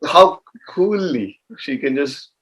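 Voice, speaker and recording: A man with a slightly high voice jokes about his mother in a relaxed, teasing way. He laughs often and plays up his stories. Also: slow pace, low-quality recording. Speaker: son of the birthday woman. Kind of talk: casual chat.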